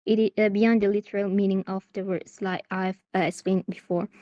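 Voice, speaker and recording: A woman's voice: medium pitch, flat delivery, a little fast, no echo, highs cut off. A woman from Malaysia teaching an online English class, explaining steadily with many "okay" and "uh" fillers.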